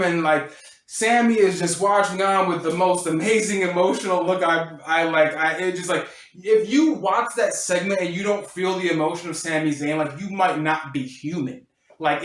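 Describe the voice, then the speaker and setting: A man giving a casual spoken wrestling review, rambling and excitable with many restarts and fillers. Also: fairly high pitch, roomy sound.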